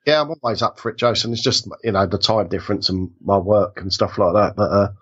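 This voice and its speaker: A man's voice: fairly low pitch, quick pace, a bit bright, breathy edge, muffled recording. A man with a British accent and a cold, chatting casually as a podcast guest in an easygoing, chuckling way. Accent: British English. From England. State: has a cold. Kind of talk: casual chat.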